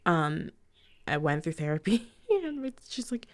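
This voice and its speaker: A middle-aged woman, a podcast guest, telling lively stories in casual chat, laughing often and sometimes dropping to a near whisper. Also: on the low side, measured pace.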